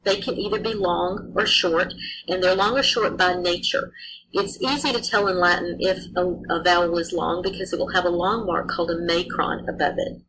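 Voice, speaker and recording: A woman's voice: fairly low pitch, fairly even intonation, normal speed, fairly bright tone, a little hiss or hum, low-quality recording. A woman teaching a pronunciation lesson, carefully sounding out letters and example words.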